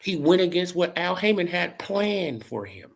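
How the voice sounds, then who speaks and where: A man's voice: sits high, big pitch swings, normal speed, vocal fry. Man riffing on boxing, casual. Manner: loose and repetitive, tags lines with "right?". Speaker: host. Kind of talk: casual boxing commentary stream.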